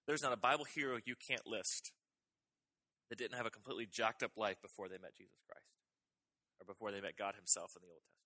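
A man's voice: lowish voice, steady tone, fast, pauses often, sharp tone. A middle-aged male pastor preaching a sermon, emphatic and repetitive, pressing his main points again and again. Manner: emphatic, repetitive preaching with rising intensity on key phrases.

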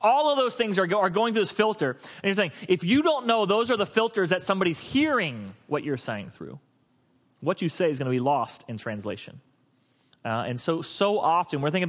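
A middle-aged man preaching a sermon as pastor, telling stories in an animated way and acting out the quoted lines. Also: on the high side, fairly quick.

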